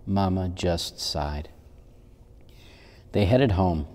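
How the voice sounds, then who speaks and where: A male pastor reads a children's story in a gentle, unhurried manner. His voice is low and mellow, and a long reverb from the church hall trails behind it.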